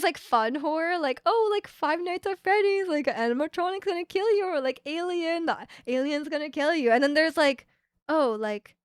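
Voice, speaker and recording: A chatty young woman streamer casually talks with her stream chat, rambling through a retelling full of fillers and laughs. Her voice is a little high and smooth, recorded dry with no room sound.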